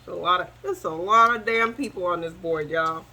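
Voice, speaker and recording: Bright-voiced woman giving a casual tarot reading. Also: fairly low pitch, a little fast, a little hiss or hum, poor audio. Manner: chatty, animated, addresses viewers as y'all. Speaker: tarot reader.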